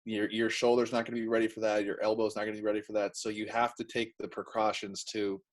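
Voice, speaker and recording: Relaxed man explaining training drills. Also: on the low side, quick pace, low-quality recording. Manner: relaxed, explains with everyday examples, many fillers. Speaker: athletic trainer demonstrating drills. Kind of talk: casual instructional chat.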